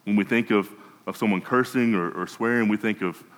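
A man's voice: lowish voice, a little fast, fairly bright tone, long reverb tail, rough recording. A man preaching a sermon in a conversational way, often restarting and repeating words. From United States.

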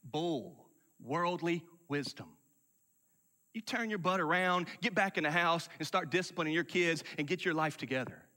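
A man preaching a sermon, emphatic, dropping from loud declarations to hushed asides. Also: on the high side, animated, normal speed, long reverb tail. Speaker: pastor.

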